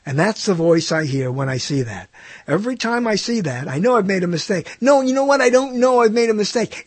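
A man with a high, slightly rough voice hosts a radio show by himself, captured in a dry recording. His solo talk rambles and wanders off on tangents, and he pokes fun at himself and slips into silly voices.

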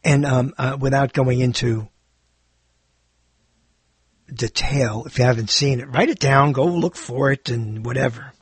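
Unhurried and prone to long pauses, the man meanders through a solo podcast monologue, joking around and chuckling at his own remarks. His mid-range voice has a breathy edge, with no room sound on the recording.

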